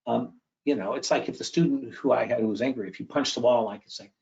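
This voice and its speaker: A man giving an educational presentation with slides, conversational and often checking in with a quick "okay?". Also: medium pitch, gravelly, darkish tone. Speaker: education speaker. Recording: dull lo-fi recording.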